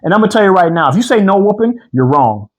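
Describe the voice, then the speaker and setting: A man co-hosting a casual couch chat, animated and preachy, slowing down to read scripture aloud. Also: high-pitched. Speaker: co-host.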